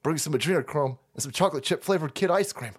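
A man hosting a livestream, delivering a loud, mocking, profanity-laden commentary rant. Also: fairly high pitch, fast, slightly rough. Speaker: livestream host.

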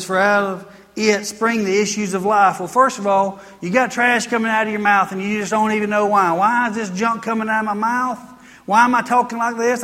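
Male pastor, folksy and emphatic, high voice, echoing church hall. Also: a bit bright. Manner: folksy, emphatic preaching with scripture quotes. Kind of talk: sermon.

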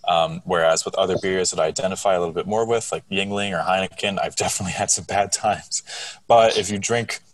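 A very low-voiced man argues his side with indignant energy. His voice comes from a little away from the mic in a dry, dead-sounding room. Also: fairly even intonation, quick pace, no room sound, recorded from a distance. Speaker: podcast co-host. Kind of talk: casual banter.

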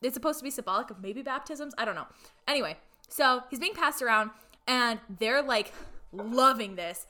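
A woman's voice: fairly high pitch, animated, moderate pace, bright, forceful tone. A woman in casual chat retelling a story, full of "like" fillers and playfully irreverent asides.

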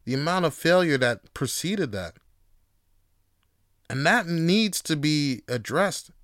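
Male host, casual profane monologue, slightly high voice, dry close sound. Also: expressive, slow pace, a bit bright, no echo. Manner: loose, profane, laughing asides.

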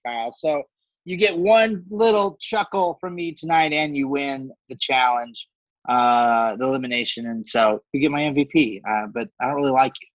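A man's voice: mid-range voice, no echo, muffled recording. A man co-hosting a podcast in casual chat, jokey and profane, rambling through his picks. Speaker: podcast co-host.

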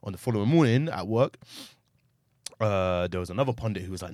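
A man's voice: on the low side, expressive, a little fast, no echo, studio quality. A man hosting a football podcast, leading a casual chat with slang and swearing. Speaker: podcast host.

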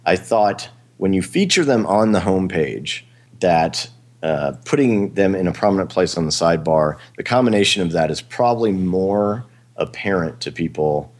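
A man talks through ideas with a co-host in a casual, rambling way, full of fillers and restarts. His voice sits very low. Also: expressive, normal speed. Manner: rambling, hesitant, frequent fillers and laughs. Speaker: podcast host. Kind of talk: casual chat.

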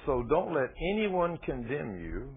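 A man's voice: medium pitch, very animated, measured pace, slight background noise. A man preaching a sermon in a folksy storytelling way, acting out the dialogue in his stories. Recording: tinny phone-like radio broadcast.

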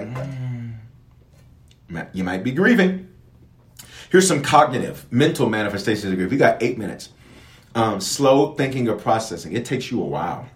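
A man, a bishop, preaching online about grief, listing symptoms one by one and acting out everyday scenes in a lively, conversational way. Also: medium pitch, reverberant. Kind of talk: online sermon teaching on grief.

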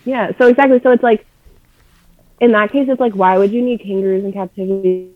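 A young woman in casual chat, talking fast with lots of fillers, blunt and swearing freely. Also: medium pitch, steady tone, dry recording, narrow, tinny audio, faint music behind.

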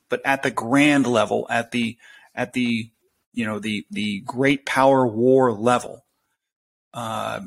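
A man's voice: medium pitch, vocal fry, fairly bright tone. A man who teaches as a professor, a guest on a podcast, talking with many hesitations and fillers. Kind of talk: interview conversation.

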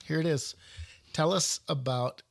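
Gravelly-voiced pastor hosting a podcast. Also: male voice, on the high side, measured pace. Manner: upbeat, joking, with restarts. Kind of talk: casual podcast chat.

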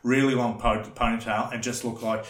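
A man telling a rambling, animated story in casual chat, swearing freely. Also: medium pitch, moderate pace, echoey room. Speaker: podcast guest telling a story.

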